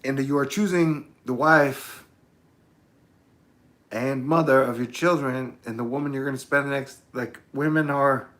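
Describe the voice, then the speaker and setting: A man vlogging in a loose, meandering monologue, cursing freely and swinging from mumbles to shouts. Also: medium pitch, fairly even intonation, a little slow, reverberant. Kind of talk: rambling casual monologue.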